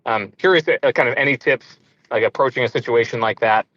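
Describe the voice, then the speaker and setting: A man's voice: mid-range voice, a little fast, fairly bright tone, dry recording, highs cut off. A man in his thirties calling in with a question, hesitant with many ums and uhs. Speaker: caller.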